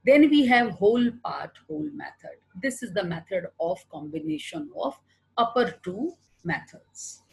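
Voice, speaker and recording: A husky, breathy-voiced woman with an Indian English accent delivers an online lecture. She speaks slowly and deliberately, and her pitch rises and falls in a lively way as she poses questions and then answers them herself. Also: rough recording. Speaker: teacher.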